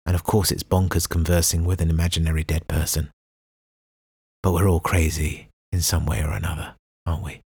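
A man reading a novel aloud as an audiobook narrator, in a measured, even storytelling delivery. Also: sits low, slightly rough, no echo, studio quality. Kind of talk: scripted narration.

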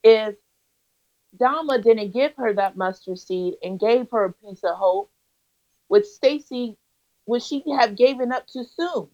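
A slightly high, mellow female voice, a touch slow, comes through slightly dull lo-fi audio. She's being interviewed and tells her story with earnest emphasis and a preacher-like rhythm.

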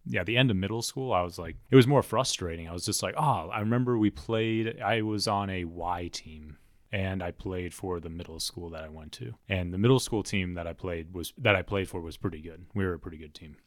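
A man's voice: deep voice, fairly quick, no room sound, clean studio sound. A man co-hosting a podcast, telling loose, rambling stories in casual chat. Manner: loose, rambling storytelling with frequent "like". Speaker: podcast co-host.

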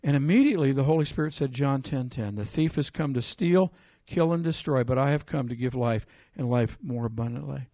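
A man preaching a sermon, reading scripture aloud with loud emphasis and telling a personal story in a quieter voice. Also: mid-range voice, fairly quick, few pauses, dry recording.

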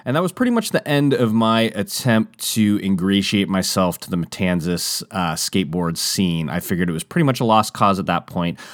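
Here's a man at a moderate pace, barely pausing, as he casually recounts something that happened to him. When quoting others he leaps up into raised, higher voices, and he keeps restarting and filling gaps with fillers. It's a dry, studio-quality recording.

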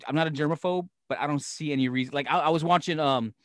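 A man's voice: a little high, quick pace, no echo, clean studio sound. A man in casual chat, swearing freely and acting out quotes as he tells stories. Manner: profane, animated storyteller, acts out quotes.

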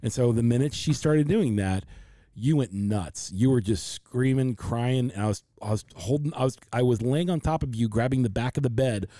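A man's voice: mid-range voice, normal speed, warm tone, no room sound. Earnest man telling a hard story. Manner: earnest, quotes others animatedly. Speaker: podcast co-host. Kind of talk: emotional storytelling.

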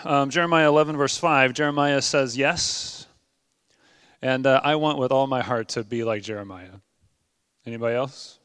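A man's voice: mid-range voice, a little fast, fairly bright tone, smooth, dry recording, clean studio sound. A man preaching a sermon in an earnest, conversational way, with many ums and uhs. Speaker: pastor.

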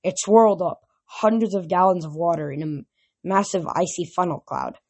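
A woman reads a novel aloud in a steady, plain manner. Her voice sits low and carries a breathy, husky edge. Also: normal speed. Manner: plain, steady reading with small restarts. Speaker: narrator.

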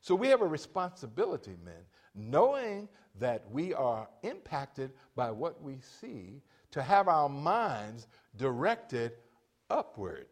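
A man's voice: mid-range voice, big pitch swings, takes it slowly. A middle-aged man preaching a sermon as pastor, calling on the congregation for amens between points. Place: church.

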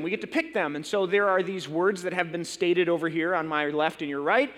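A man's voice: high voice, fairly bright tone. A man preaching a sermon as a pastor, casual and conversational, telling a story with fillers and restarts in a large church hall. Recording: long reverb in a large hall.

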